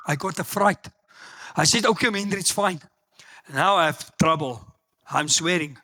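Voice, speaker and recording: A middle-aged South African man preaching a sermon, telling personal stories and acting out the dialogue with loud exclamations. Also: a little high, moderate pace. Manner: animated storytelling, acts out dialogue, exclaims loudly. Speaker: pastor.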